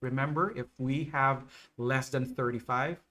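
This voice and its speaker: Guy teaching nclex stuff live, talks slow on purpose, keeps asking okay? right?. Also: medium pitch, steady tone, pushed and bright. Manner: slow, repetitive explaining with frequent okay and right checks. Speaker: nursing exam coach.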